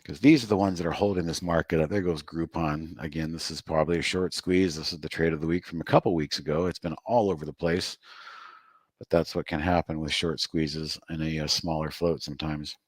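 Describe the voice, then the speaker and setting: A man with a very low voice hosting a live trading room in a relaxed, chatty way, with light laughs between remarks. His voice is recorded close and dry, with no room sound. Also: fairly quick, no room sound. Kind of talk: casual live market commentary.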